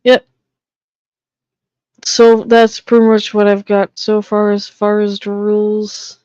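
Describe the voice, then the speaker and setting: A woman's voice: medium pitch, completely flat delivery, slow pace, a little mellow, smooth, dry recording, dull audio. A woman from the Boston area chatting casually on her live stream, blunt and swearing freely.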